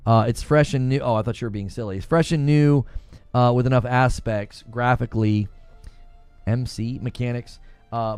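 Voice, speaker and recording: A man's voice: medium pitch, darkish tone, no echo. A man streaming live, chatting casually about a game, rambling with repeated words and many fillers as he reads chat comments and reacts. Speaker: gaming streamer.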